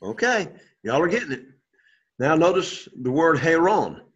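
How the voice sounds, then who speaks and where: A man leads a classroom Greek lesson, saying each word and having the class echo it back. His voice sits fairly high for a man, and he comes across as patient. The recording is dull and lo-fi, like a basic classroom recorder. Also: very animated, measured pace. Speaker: Greek teacher. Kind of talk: classroom lesson with call-and-response drills.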